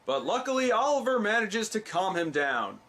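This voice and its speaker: A man's voice: sits high, sing-song, normal speed, fairly bright tone. A young man hosting a video, narrating cartoon clips with dry, mocking commentary. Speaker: video host. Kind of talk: sarcastic commentary over clips.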